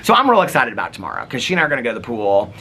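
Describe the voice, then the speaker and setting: A man chatting casually in a daily vlog, rambling and animated with lots of filler words. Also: medium pitch, rapid-fire, a little hiss or hum. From United States. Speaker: vlogger.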